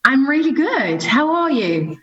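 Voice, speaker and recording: A woman's voice: high-pitched, measured pace, dull audio. A woman from France with a British English accent, a cheerful podcast guest talking over a video call. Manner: cheerful, lively.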